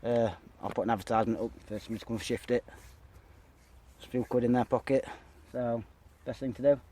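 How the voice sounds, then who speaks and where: A man's voice: medium pitch, fairly even intonation, fast talker, mellow, a little hiss or hum. A man talking casually to a handheld camera outdoors by a pond, a bit out of breath and rambling with fillers. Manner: rambling, chatty, lots of uh and so. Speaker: fishing vlogger. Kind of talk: casual vlog talk to camera.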